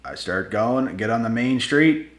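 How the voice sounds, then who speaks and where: A man telling a personal story to his viewers in a casual, animated way, slangy and swearing freely. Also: medium pitch, measured pace, echoey room.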